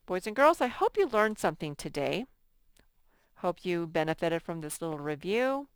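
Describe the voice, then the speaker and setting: A middle-aged woman teaching a lesson to young children, reading example sentences in a slow, sing-song way. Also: lowish voice, big pitch swings, clean tone, dry recording.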